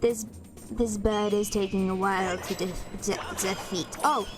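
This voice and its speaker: A woman's voice: mid-range voice, steady tone, a little slow. A young woman streaming a game and chatting casually, rambling and playful with a sing-song lilt. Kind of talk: casual chat while gaming. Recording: loud game music behind.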